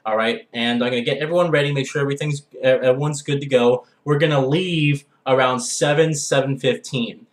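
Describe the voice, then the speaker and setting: A man's voice: mid-range voice, fairly even intonation, brisk, few pauses, reverberant. A young man from the Los Angeles area talking casually in a gaming vlog, rambling and often checking in with "all right?". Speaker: gaming vlogger.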